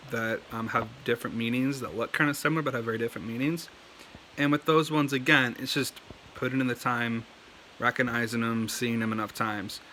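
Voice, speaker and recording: A man's voice: mid-range voice, sharp tone, a little hiss or hum. A man casually talking to camera about learning written characters, rambling and filling his speech with "like" and "um," with a cough now and then. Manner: rambling, heavy on "like" and "um". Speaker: language learner sharing tips.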